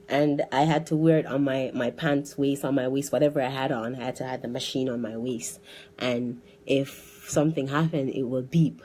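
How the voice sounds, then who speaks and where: A woman giving a personal testimony in a lively storytelling way, often restarting her sentences and acting out what others said. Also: deep voice, fairly quick.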